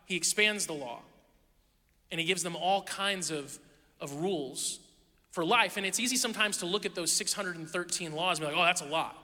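A male pastor preaches with a high, very bright and ringing voice, animated and self-deprecating as he tells stories. His words trail off into the long reverb of a large hall. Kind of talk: sermon with personal stories.

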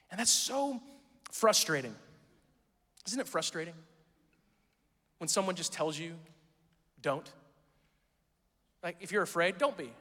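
A man's voice: extremely high pitch, moderate pace, pauses often, bright, forceful tone, in a large hall. A man preaching a sermon as pastor, casual and joking, reading scripture and adding playful asides.

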